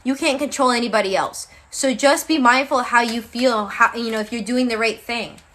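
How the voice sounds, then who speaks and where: A woman's voice: on the high side, brisk, fairly bright tone, slight background noise. A young woman giving a casual live-stream tarot reading, chatty and tired, calling her viewers babe. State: tired, yawning. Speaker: tarot reader.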